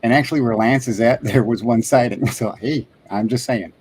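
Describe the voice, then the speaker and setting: A man's voice: mid-range voice, moderate pace, a little mellow, slight background noise. A man joining a live-stream chat, jokey and chuckling.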